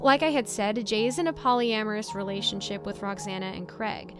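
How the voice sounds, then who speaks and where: A woman's voice: medium pitch, a little fast. A woman narrating a first-person story in a casual, chatty way, rambling into asides. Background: soft background music.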